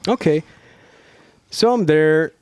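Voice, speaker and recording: Middle-aged man, profane, animated storyteller, podcast guest, acts out quotes. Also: a little high, slow, smooth, no room sound. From Northern California. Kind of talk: casual storytelling.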